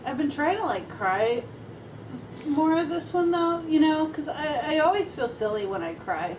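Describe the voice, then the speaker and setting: A woman's voice: high-pitched, animated, measured pace, a little mellow. A woman comedian chatting casually as a guest, laughing often and filling with "like". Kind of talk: casual chat. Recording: distant mic with clear background noise.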